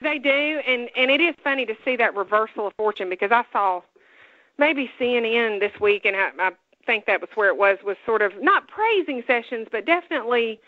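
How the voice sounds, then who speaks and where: A woman from Alabama with a Southern accent, co-hosting a casual chat, talkative and quick to laugh. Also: on the high side, animated, dry recording, narrow, tinny audio. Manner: chatty, laughs often, opinionated. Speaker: co-host.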